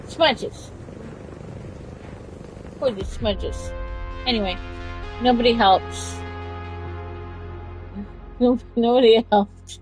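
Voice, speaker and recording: A woman streaming a game, chatting casually, swearing and yelling for help in bursts. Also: high voice, extremely slow, pauses often, faint music behind, rough recording. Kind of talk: casual gameplay commentary.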